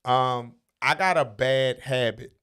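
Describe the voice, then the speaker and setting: A man's voice: mid-range voice, takes it slowly, fairly bright tone, clear, resonant tone. A man talking casually, blunt and profane, with emphatic, brash delivery. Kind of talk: casual chat.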